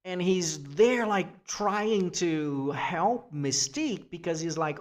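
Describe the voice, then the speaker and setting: Dude rambling thru his own essay, swears a lot, talks real slow. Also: high voice, expressive. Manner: rambling, restarts, swears casually, acts out quotes. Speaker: essay vlogger. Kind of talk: free-form spoken essay.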